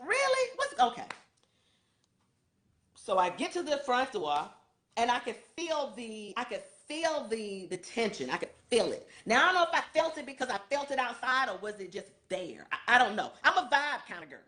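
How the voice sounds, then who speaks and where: A woman hosting a show, recapping an event in a casual, animated storytelling way, acting out what people said. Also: on the high side. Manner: animated storytelling, acts out quotes. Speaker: show host.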